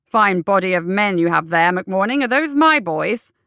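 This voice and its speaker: A woman voicing a short, brisk and pompous male guild captain. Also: mid-range voice, animated, vocal fry, fairly bright tone, smooth, no room sound, clean studio sound. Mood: blustering.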